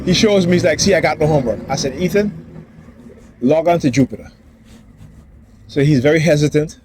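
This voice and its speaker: Agitated man ranting outdoors, fairly high voice. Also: a little fast, a little mellow, slight background noise. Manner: agitated, repetitive, acts out quoted dialogue. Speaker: father vlogger. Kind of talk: ranting personal vlog. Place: outdoors near a building and street traffic.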